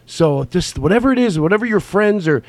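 A man hosting a podcast in casual chat, animated and profane, rambling and acting out the voices of people he quotes. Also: high voice, brisk, no echo.

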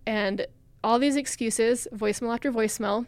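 A woman's voice: mid-range voice, moderate pace, clean tone, no room sound. A young adult woman, a podcast guest, telling a personal story in a chatty way with lots of "like" fillers. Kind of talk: casual storytelling.

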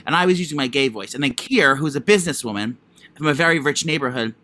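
A man co-hosting a podcast, gossiping in a fast, animated way with quick interjections. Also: medium pitch. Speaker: podcast co-host. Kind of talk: casual chat.

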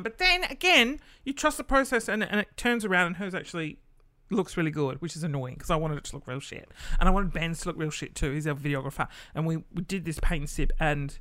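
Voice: mid-range voice, bright, forceful tone. A podcast host telling a casual story, chatty and loose, swearing freely and acting out the people in it.

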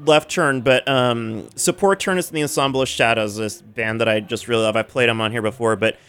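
A man co-hosting a radio show at a studio mic. He tells long stories in a casual, rambling way, full of fillers and swearing, with a voice of ordinary pitch. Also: fairly even intonation, fairly quick, fairly bright tone, smooth. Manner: chatty, profane storytelling with many fillers. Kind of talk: casual chat.

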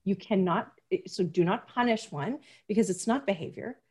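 A woman's voice: medium pitch, moderate pace, a little mellow, slightly rough. A woman speaking as a parenting guest in a casual interview, earnest and emphatic, often restarting her sentences.

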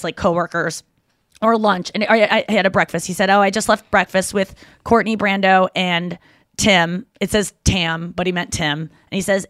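A woman's voice: medium pitch, no echo, studio quality. A woman hosting a podcast, telling comic stories in a casual chat and acting out the lines of people in them. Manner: animated storytelling, acting out quotes; frequent fillers and restarts. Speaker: podcast host and comedian.

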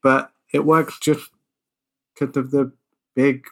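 A man's voice: medium pitch, little pitch movement, takes it slowly. A man with a mid-range voice co-hosts a film podcast in easygoing chat. He talks with eager enthusiasm and casually swears now and then. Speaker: podcast co-host.

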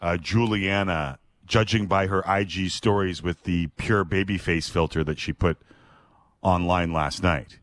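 A man co-hosting a sports talk show, wry and quick to laugh. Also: deep voice, steady tone, a bit bright, dry recording. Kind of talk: sports radio banter.

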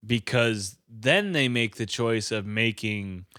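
A man's voice: on the low side, slow pace, sharp tone, clean tone. A man in casual chat, exasperated by a movie, swearing and laughing often.

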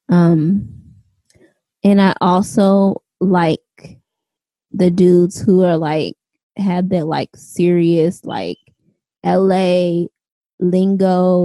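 Chatty young woman, mellow and dry. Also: lowish voice, dry recording. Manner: loose and chatty, lots of "like" and "um". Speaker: podcast co-host. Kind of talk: casual chat.

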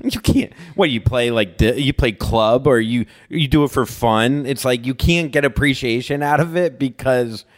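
A man co-hosting a podcast, chatting casually and throwing in quick jokes. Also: mid-range voice. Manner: joking, quick asides. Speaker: podcast co-host. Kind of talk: casual chat.

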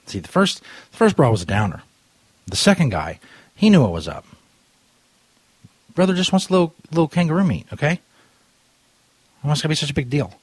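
A man's voice: fairly high pitch, big pitch swings, a little fast, pauses often, husky, dry recording. A man hosting a prank call show, rambling crudely and loosely while drinking, talking into a studio mic. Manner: profane, loose and tipsy, drifting off topic. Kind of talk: crude rambling radio banter.

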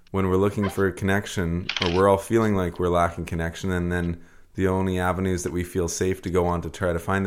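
Very deep, flat-voiced male co-host. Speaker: podcast co-host. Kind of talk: casual chat.

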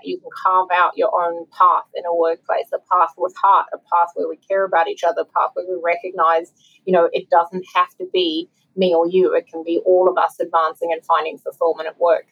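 A woman's voice: lowish voice, husky, lo-fi sound. A woman, telling personal stories earnestly as a guest author in an interview. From South Africa. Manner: earnest, heartfelt storytelling. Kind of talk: interview conversation.

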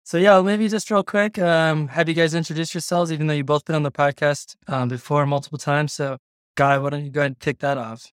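A man hosting a podcast interview, his voice raspy after an illness, upbeat with some fillers. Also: on the high side, steady tone, fairly quick, dry recording, studio quality. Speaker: podcast host.

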